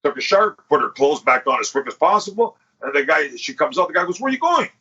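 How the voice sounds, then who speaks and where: A man on a podcast, telling a crude story in a casual and animated way, swearing and acting out what people said. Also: a little high, quick pace, husky. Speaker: podcast host. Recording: dull lo-fi podcast audio.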